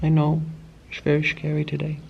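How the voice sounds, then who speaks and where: A man's voice: a little high, completely flat delivery, brisk, creaky, roomy sound, dull audio. A man vlogger in playful chat, teasing his pet in exaggerated sing-song baby talk. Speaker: mukbang vlogger. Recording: loud background noise with clicks.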